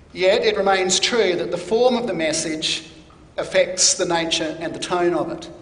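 A man preaching a sermon in a measured, deliberate teaching manner, stressing key words. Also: sits high, fairly bright tone. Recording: echoey hall.

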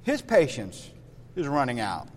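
A man's voice: mid-range voice, a little slow, in a large hall. A man, a pastor, preaching a sermon, telling a story and talking straight to his congregation. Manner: storytelling, lively, addresses listeners directly.

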